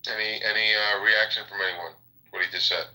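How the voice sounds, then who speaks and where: A man hosting a call-in political discussion, moderating speakers in a measured, formal way. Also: on the low side, fairly even intonation, sharp tone, low-quality recording. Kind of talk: moderating a live audio panel.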